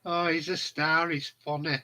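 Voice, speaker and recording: The low-quality recording captures a middle-aged man with a slightly high, bright, forceful voice, delivered flatly at a moderate pace. As a channel host in casual chat, he's blunt and rambling, telling funny stories and laughing at them himself.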